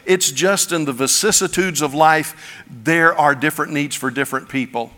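A male pastor preaching a sermon, telling stories with folksy humor and animated delivery. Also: a little high, moderate pace. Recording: long hall reverb.

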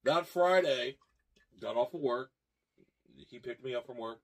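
A man co-hosting a casual podcast, an animated storyteller who swears and acts out arguments. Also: mid-range voice, a little slow. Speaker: podcast co-host. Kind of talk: casual chat.

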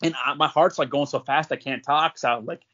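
A man's voice: on the high side, brisk, fairly bright tone, lo-fi sound. A man hosting a podcast, telling a long story in casual chat, packed with "like" and restarts. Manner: rambling, filler-heavy, lots of "like". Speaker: podcast host.

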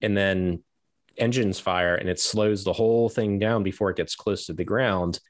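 A middle-aged man with a low voice tells his story as a guest on an interview show. He rambles, restarts his sentences and laughs now and then. The sound is dry, with no room echo. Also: fairly even intonation, moderate pace. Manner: rambling, self-correcting, laughs as he tells stories.

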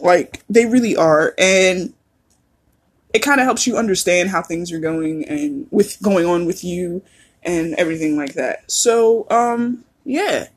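Breathy woman chatting on her podcast. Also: on the low side, a little slow. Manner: chatty, laughs a lot, swears freely. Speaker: podcast host. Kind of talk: casual solo podcast chat.

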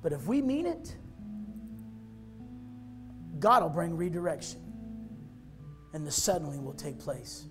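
A male pastor giving a fervent altar-call sermon, repeating phrases and rising to loud shouts. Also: fairly high pitch, very animated, measured pace, long pauses, over music.

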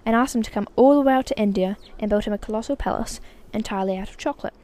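A woman voicing an old grandfather in a storybook, telling tales in an animated, confiding way. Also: mid-range voice, very fast, close to an everyday voice. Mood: storytelling. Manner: animated storytelling, sometimes dropping to a hushed whisper.

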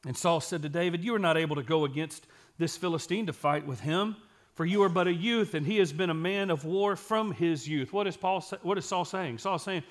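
A man with a slightly high-pitched voice preaches a sermon, reading scripture aloud and then stopping to explain it and ask his listeners questions. At points he sinks into a quiet, intense delivery to drive a point home. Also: fairly quick. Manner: drops to a quiet, intense voice for emphasis.

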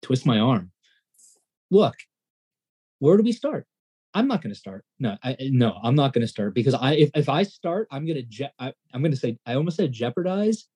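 A man co-hosting a podcast in casual banter, excitable and rambling, his voice jumping up when he gets worked up. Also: medium pitch, moderate pace, breathy edge. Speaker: podcast co-host.

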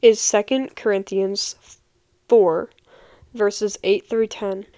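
A woman's voice: medium pitch, steady tone, slow, mellow, dry recording, clean studio sound. A young woman and podcast host giving a heartfelt personal faith testimony, speaking earnestly and repeating key phrases for emphasis.

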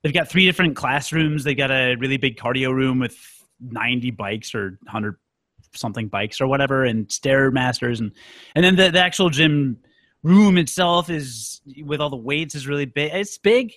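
A man's voice: mid-range voice, normal speed, fairly bright tone, dry recording. A man hosting a podcast, chatting casually and telling self-deprecating stories. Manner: dry, self-deprecating storytelling. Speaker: podcast host. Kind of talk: casual chat. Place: Chicago.

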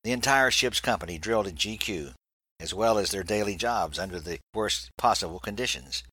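Deep, bright-toned male narrator. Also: husky, no echo, poor audio. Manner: steady, measured storytelling. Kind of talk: audiobook reading of a naval story.

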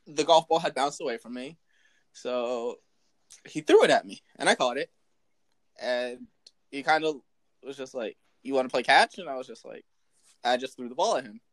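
A man in casual chat, telling a story in a lively way and acting out the voices of the people in it. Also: mid-range voice. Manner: lively, acts out quoted voices. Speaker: storyteller recounting a school memory.

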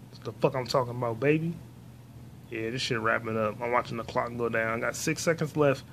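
A man's voice: medium pitch, fairly quick, slight background noise. A man hosting a solo podcast, rambling and swearing freely as he talks to himself, recorded on a phone. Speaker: podcast host.

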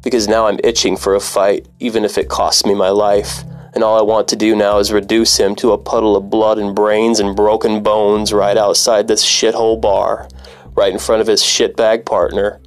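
Brief: low-pitched male storyteller, wry and profane, faint music underneath. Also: flat delivery, normal speed. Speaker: former cab driver. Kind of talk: personal story narration.

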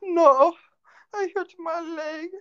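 A man putting on a squeaky hurt young woman. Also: no room sound, dull audio. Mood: pained. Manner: high, pained and drawn-out. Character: whiny injured young woman lying on a floor.

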